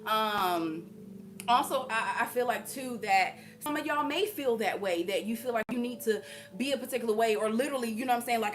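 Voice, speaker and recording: A woman's voice: fairly high pitch, animated, brisk. A woman vlogger talking to her viewers in a casual, emphatic way, often laughing and repeating asides to them. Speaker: spiritual vlogger. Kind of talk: casual spiritual encouragement to viewers.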